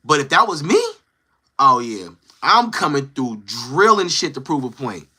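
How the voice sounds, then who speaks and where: A man casually retelling a story from his live stream in animated, slangy talk, acting out what others said. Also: medium pitch, measured pace, breathy edge.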